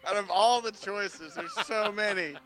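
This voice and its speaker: A man co-hosting a casual podcast who makes wisecracks in a lively way. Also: high voice, unhurried, faint music behind. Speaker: podcast co-host. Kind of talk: casual chat.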